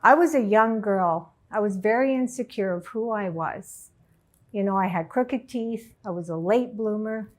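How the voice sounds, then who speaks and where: A middle-aged woman, a life coach, telling a personal story to an audience in an emotional, halting way. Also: mid-range voice. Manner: emotional, halting, tearful at times.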